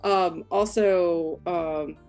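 A woman guest on a casual podcast, hesitant and rambling with many pauses. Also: lowish voice, steady tone, a little mellow, faint music behind.

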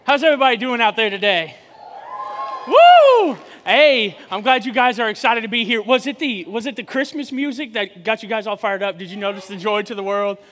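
A man in his forties, a guest preacher, giving a sermon with lively joking banter with the congregation. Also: high voice, quick pace, hardly any pauses, long reverb tail. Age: 40s. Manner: joking, energetic crowd banter. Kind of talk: sermon with audience interaction. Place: church hall.

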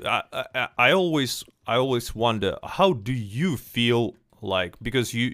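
A man's voice: lowish voice, fairly bright tone, no echo, clean studio sound. A man hosting a casual livestream chat, reading viewer questions and interviewing a guest, often repeating words as he restarts. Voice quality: slightly hesitant, repeats words. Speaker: stream host.

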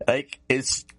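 A man's voice: medium pitch, a bit bright, slightly rough. A man co-hosting a casual political chat podcast, speaking plainly and often chiming in with short replies. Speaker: podcast co-host.

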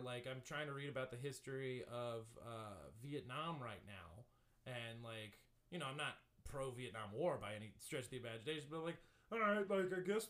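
A man chatting casually on a podcast, rambling with lots of "like" and restarts. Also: a little high. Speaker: podcast guest. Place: apartment.

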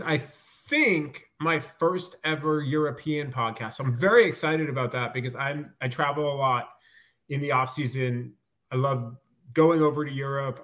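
A man's voice: mid-range voice, a bit bright. Casting: American male journalist guest, talkative, laughs easily, rambling. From United States. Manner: chatty, rambling, self-deprecating, laughs easily. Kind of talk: casual podcast chat.

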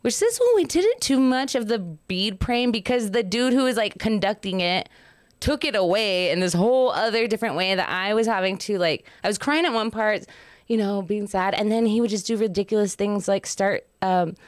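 A young woman hosts a casual podcast, rambling through a story and acting out the people in it. Her voice is smooth and resonant. The sound is dry and close, with no room echo. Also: medium pitch, moderate pace. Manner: rambling storyteller, acts out quotes. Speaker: podcast host. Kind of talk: casual chat.

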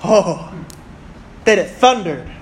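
Animated high-voiced preacher in his thirties. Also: a little hiss or hum. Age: 30s. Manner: animated, reads scripture slowly and calls out to the congregation. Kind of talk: sermon.

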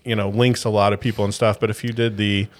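A man's voice: fairly low pitch, little pitch movement, fast. Joking, easy-laughing podcast co-host man. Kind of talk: casual chat.

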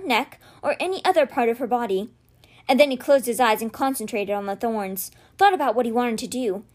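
A woman reading a children's novel aloud in a steady, gentle storytelling manner. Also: fairly high pitch. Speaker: read-aloud podcast host.

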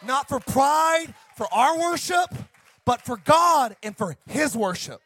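Fired-up high-voiced male preacher. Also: very animated, takes it slowly. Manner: fired-up, shouting preacher who swings down to soft storytelling. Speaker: pastor. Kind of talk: sermon.

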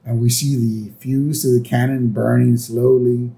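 Gravelly man narrating an episode recap. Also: medium pitch, level tone, measured pace, mellow. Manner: narrates scenes with short acted-out quotes. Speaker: podcast co-host. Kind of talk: casual episode recap chat.

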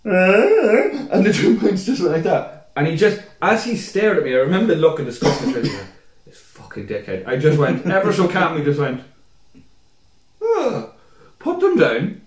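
Animated man in an echoey room. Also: fast. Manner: animated storyteller, swears a lot, mimics people in high voices. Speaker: podcast co-host. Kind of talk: casual chat, telling drunken stories.

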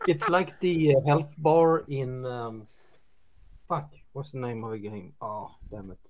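A man joking in a casual podcast chat, speaking haltingly. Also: medium pitch, muffled recording, a crowd in the background.

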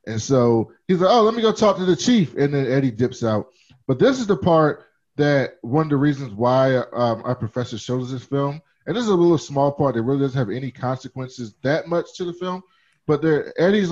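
A man's voice: mid-range voice, expressive, moderate pace, a little mellow. A man co-hosting a podcast, talking casually and digressively about a movie, swearing now and then. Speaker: podcast co-host. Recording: dull lo-fi sound.

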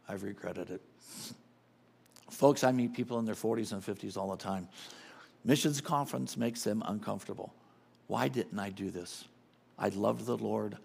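A man's voice: fairly low pitch, creaky, a little mellow, slightly rough. A middle-aged man preaching a sermon as a guest speaker, emphatic and casual, often repeating his phrases.

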